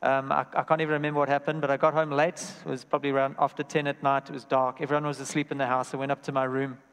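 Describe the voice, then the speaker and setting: A man's voice: mid-range voice, flat delivery, racing, a bit bright, smooth. A young man preaching a sermon, earnest and personal, telling stories and repeating key phrases. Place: church hall. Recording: reverberant church hall.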